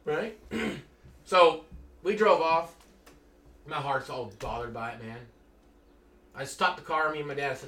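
Bright-voiced man telling stories animatedly. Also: fairly high pitch, measured pace, long pauses, reverberant, distant mic. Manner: animated, acts out quoted voices. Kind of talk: casual storytelling talk.

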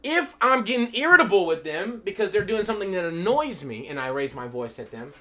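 With a sharp, high-pitched voice that swings widely in pitch, this man in his thirties briskly teaches the Bible to a small group. He presses his points emphatically, calls for attention again and again, and quizzes those listening.

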